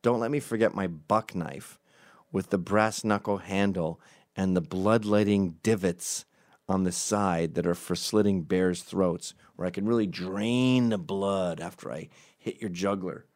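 A man voicing a woman at a bar in a slow, mock-sinister way, in his own low voice. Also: a little mellow, no room sound, studio quality. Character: woman at a bar, mocked as menacing.

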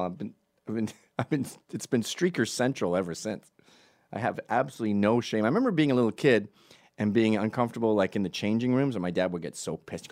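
A middle-aged man from Canada telling a funny personal story in a loose, animated way, acting out the voices of everyone in it. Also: on the low side, fairly quick. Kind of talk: comedic storytelling.

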